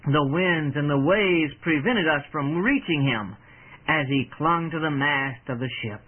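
A man's voice: on the high side, measured pace, breathy edge. A man doing a weary, regretful boat skipper. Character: weary male boat skipper, middle-aged, sorrowful. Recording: tinny old radio broadcast.

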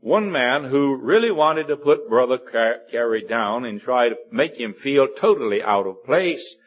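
A man preaches a sermon in an earnest, rambling way, his animated voice climbing in pitch for emphasis as he stops often for fillers. He speaks a little slowly, and the lo-fi recording sounds dull.

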